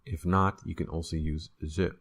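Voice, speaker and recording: A man's voice: low voice, moderate pace. A man teaching a casual language lesson on video, explaining patiently with small restarts and the odd playful joke. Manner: relaxed explaining, with fillers and corrections.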